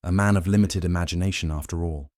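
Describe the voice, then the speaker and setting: Man reads a cool, cutting detective, precise and clipped, low dry voice. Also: fairly even intonation, quick pace, a little mellow, dry recording, lightly acted. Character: cool, sharp-witted male detective.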